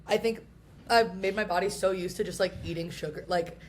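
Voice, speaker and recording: A woman's voice: lowish voice, steady tone, brisk. Young female podcast co-host, candid and foul-mouthed, laughs a lot, slight background noise. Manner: candid, swears freely, laughs often. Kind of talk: casual comedic chat.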